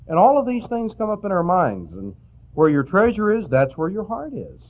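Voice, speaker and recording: Folksy preacher on tinny tape. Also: male voice, high-pitched, very animated, moderate pace. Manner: folksy, anecdotal, chuckling asides. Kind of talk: sermon. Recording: tinny, phone-like old tape.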